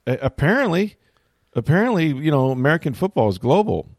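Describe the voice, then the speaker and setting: A man's voice: on the high side, sing-song, fairly quick, a little mellow, no room sound, clean studio sound. A middle-aged man hosting a sports talk show, telling a story in a casual, rambling way and interrupting himself often. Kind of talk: casual chat.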